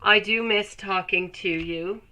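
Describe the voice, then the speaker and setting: A woman with a cold and a stuffy, nasal voice, chatting warmly with her viewers while reading tarot on a live stream. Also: medium pitch, measured pace, low-quality recording. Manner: chatty, affectionate, laughs often. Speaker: tarot reader.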